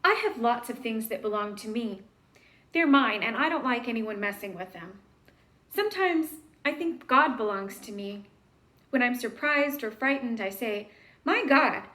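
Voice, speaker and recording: A woman reading a children's book aloud gently, pausing to ask the listener questions. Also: fairly high pitch, animated.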